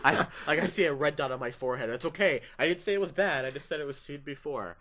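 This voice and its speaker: A man's voice: a little high, fast, bright, forceful tone. A man co-hosting a movie podcast in casual chat, laughing often and slipping into quoted film lines. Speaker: podcast co-host.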